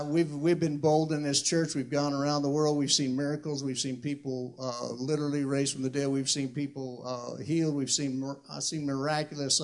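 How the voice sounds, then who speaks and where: An older man in his sixties preaching as a pastor, reading scripture slowly and loudly, then talking fast and conversational. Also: medium pitch. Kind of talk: sermon.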